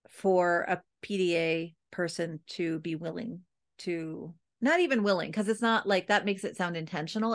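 A woman in her thirties, a podcast host and parenting coach, telling a personal parenting story in a candid, chatty way with many asides to her listeners. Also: mid-range voice. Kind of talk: casual storytelling monologue.

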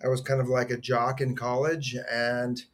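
A man's voice: mid-range voice, level tone, normal speed. A middle-aged man, an actor guest on a podcast, telling personal stories in an earnest, heartfelt way with many restarts. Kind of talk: conversational storytelling.

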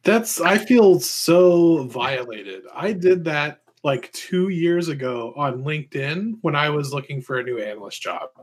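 A man co-hosting a relaxed sports podcast with a dry, wry sense of humor. His voice sits slightly high. He delivers jokes in a deadpan way. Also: measured pace, few pauses, breathy edge. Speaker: podcast co-host. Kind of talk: casual sports chat.

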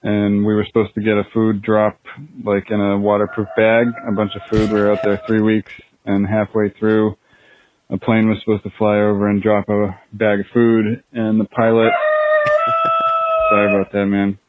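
A man calling in to a podcast to tell a story, speaking in a flat, matter-of-fact way with halting pauses. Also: on the low side, background noise. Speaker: caller. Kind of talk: phoned-in storytelling. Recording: tinny phone line.

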